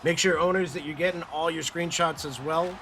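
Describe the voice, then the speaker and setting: A man doing lively play-by-play on a live stream, joking and reading out viewer messages. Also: fairly high pitch, a little fast. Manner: upbeat, jokey, reads chat aloud. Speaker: play-by-play caster. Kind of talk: live stream game commentary. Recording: stream mic with game music behind.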